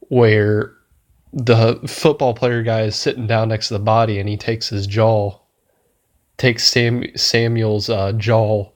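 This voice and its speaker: A man giving a casual spoken movie review, rambling and swearing enthusiastically as he retells scenes. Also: lowish voice. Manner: rambling, profane, enthusiastic, laughs at his own retelling.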